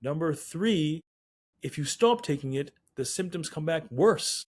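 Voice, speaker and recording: A man putting on a slick, smooth-talking male marketing executive who speaks with brash confidence. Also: animated, measured pace, a little mellow. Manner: brash, confident sales pitch.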